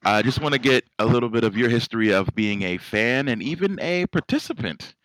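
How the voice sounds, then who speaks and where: A man from Philadelphia hosting a casual podcast interview, teasing his guest with quick asides. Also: medium pitch, animated, a bit bright, no room sound, rough recording. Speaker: podcast host.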